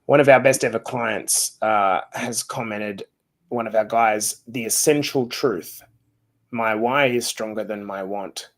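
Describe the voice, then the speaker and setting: A man's voice: fairly low pitch, a little slow. A man hosting a casual podcast chat, blunt and swearing freely. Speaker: podcast host.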